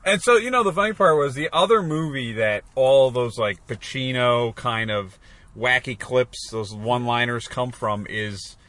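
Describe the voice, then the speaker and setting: A man's voice: medium pitch, unhurried, a bit bright, no room sound. A man in casual chat, rambling about old movies and acting out lines.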